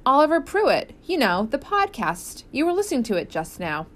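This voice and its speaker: A woman voicing a perceptive, reassuring young girl in an audiobook, pitching her a bit higher. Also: huge pitch swings, moderate pace, fairly bright tone, full character voice. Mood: curious.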